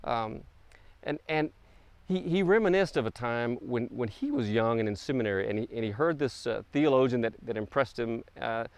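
A middle-aged man preaching a sermon and telling a story, halting often and restarting his phrases. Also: mid-range voice, animated, smooth, dry recording. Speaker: pastor.

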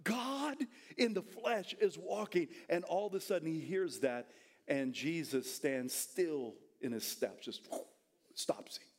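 A male pastor preaching a sermon, bursting into shouted, soaring lines and dropping back into chatty storytelling. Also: expressive, slow. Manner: fiery preaching that swings into shouted high bursts, then drops to storytelling; casual, chatty retelling with restarts.

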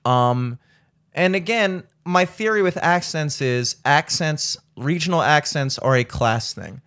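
A man's voice: on the high side, a little slow. A man from the Baltimore area hosting a podcast, telling stories in loose, profane casual chat full of "like" and "dude". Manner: profane, animated storytelling with many fillers. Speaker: podcast host.

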